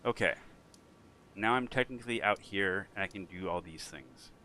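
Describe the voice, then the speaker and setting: Joking middle-aged man, bright voice. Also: low-pitched, normal speed, slight background noise. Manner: joking, teasing. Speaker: streamer. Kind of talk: casual chat while playing.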